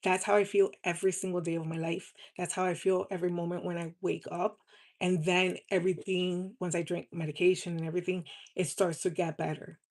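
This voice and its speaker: Earnest woman with a low, flat voice. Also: a little fast. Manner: earnest, heartfelt, repeats words for emphasis. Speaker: live streamer selling cosmetics. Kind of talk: casual live-stream chat.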